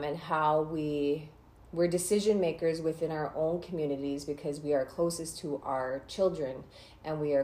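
Low-pitched woman, soft and thoughtful, echoey room w faint hiss. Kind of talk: reflective conversation.

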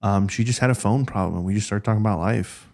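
Low-ish, quick and creaky, this man's voice carries casual stories from an old job on a podcast where he's a guest. He's animated, doing the voices of people he quotes.

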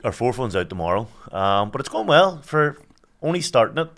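A man guesting on a podcast, telling anecdotes in animated, casual banter. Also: mid-range voice, fairly quick. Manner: animated storyteller, laughing through anecdotes.

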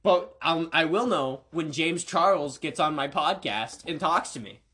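A man's voice: a little high, lively intonation, unhurried, sharp tone. Goofy rambling podcast host, man. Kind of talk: casual podcast chat.

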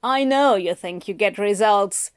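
A woman's voice: medium pitch, a little slow, clear, resonant tone, dry recording, studio quality, lightly acted. Pushy office manager, lectures his team; a woman narrator voices him. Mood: lecturing. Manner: bossy, lecturing. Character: brisk male sales manager, pushy.

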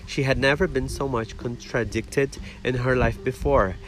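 A man's voice: medium pitch, steady tone, normal speed, background noise. A man with a Brazilian Portuguese accent, a native Portuguese speaker, reading a classic storybook aloud in English, carefully paced. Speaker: reader teaching English. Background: background music.

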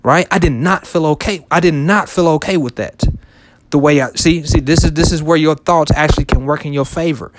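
A brisk, high-leaning male voice comes through with background noise. The speaker, a shoe-reselling vlogger in his thirties, gives viewers a casual pep talk to camera that's repetitive and full of fillers and restarts.

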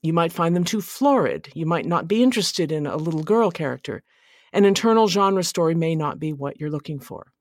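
A woman hosting a writing podcast, giving scripted narration in an earnest, measured delivery. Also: lowish voice, lively intonation, no echo, studio quality.

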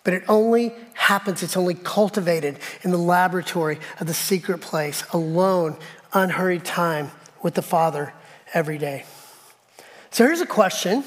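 Pastor, man, middle-aged, higher voice; conversational sermon, acts out stories; long church reverb. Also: normal speed. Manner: conversational, self-deprecating, acts out dialogue. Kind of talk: sermon with personal storytelling. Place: church sanctuary.

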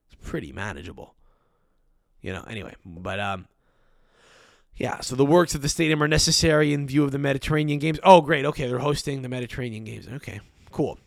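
A man's voice: mid-range voice, expressive, a little fast, creaky, no room sound, clean studio sound. A young man hosting a solo podcast, ranting with frequent swearing and exasperated asides. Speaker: podcast host.

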